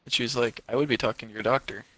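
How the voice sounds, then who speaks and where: A man chats casually on a live stream and tells a long, profane story, acting out every line of the exchange. His voice is bright and sharp. His pitch stays flat and even. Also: very fast, no echo, low-quality recording. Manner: profane, rambling anecdote full of quoted back-and-forth.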